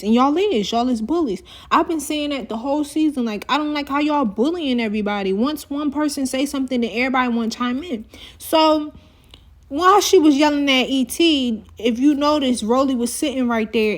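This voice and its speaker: A woman's voice: high-pitched, moderate pace. A woman giving a candid, opinionated recap of a reality TV episode, talking straight to her viewers. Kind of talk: casual reaction commentary.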